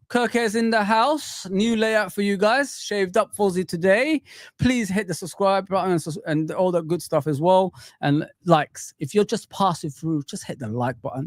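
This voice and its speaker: A young man with a rather high voice hosts a live fan stream, talking in excited, exclamatory bursts and repeating himself for emphasis. The sound is dry and close, with no room around it. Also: no room sound.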